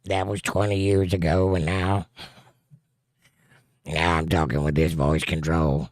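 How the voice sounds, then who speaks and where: A man imitating someone speaking through an electronic throat voice box after years of smoking, in a flat, droning, mechanical delivery. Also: on the low side, very fast, dry recording, clean studio sound, pitched below the performer's own voice, close to an everyday voice. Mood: mock-solemn.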